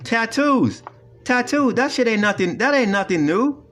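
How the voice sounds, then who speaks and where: A man's voice: extremely high pitch, animated, measured pace, fairly bright tone, soft background music. A man ranting in a video commentary, profane and repetitive as he lectures emphatically. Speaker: online commentator.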